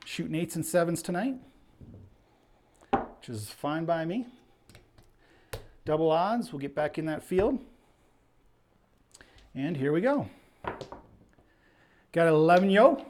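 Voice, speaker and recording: There's slight background noise as a man with a fairly high, animated, darkish voice hosts a relaxed live stream at a slow pace with long pauses. He calls the action while playing, a little out of breath, chatting and reading viewer names aloud.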